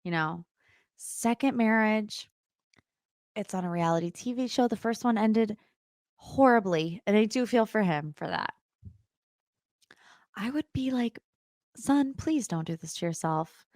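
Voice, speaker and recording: A woman's voice: mid-range voice, unhurried, pauses often, a little mellow, dry recording, studio quality. A young adult woman hosting a casual pop-culture podcast, chatty and opinionated, with sarcastic asides. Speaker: podcast host.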